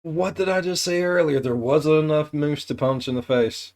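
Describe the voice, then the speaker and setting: A man's voice: a little high, moderate pace, a little mellow. A man reacting to a true crime video with blunt, joking commentary and frequent swearing.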